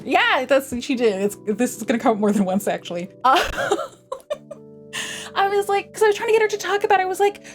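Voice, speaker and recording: A young adult woman streaming a casual educational talk, rambling with animated asides and frequent giggles. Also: high voice, a little fast, faint music behind. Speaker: vtuber streamer.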